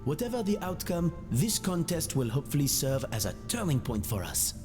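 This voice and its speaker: An actor playing a courteous male hotel manager in a game, speaking in a polite, measured, formal way. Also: a little high, big pitch swings. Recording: game audio with reverb and music.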